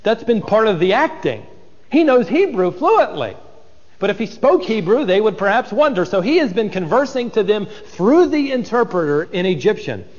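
A man's voice: high-pitched, big pitch swings, moderate pace, big-room sound, muffled recording. A man preaching an expository sermon, dramatic and acting out the voices of biblical figures.

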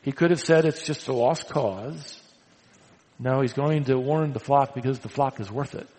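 A man preaching a sermon, swinging from loud emphatic lines to hushed, quiet ones. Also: medium pitch, normal speed, in a large hall, a little hiss or hum, poor audio. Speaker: pastor.

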